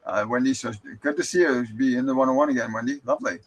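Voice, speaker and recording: A man's voice: medium pitch, fast, poor audio. A man hosting a live stream as a spiritual medium. He reads viewer comments aloud and answers them in an earnest, reassuring way, often restarting his sentences.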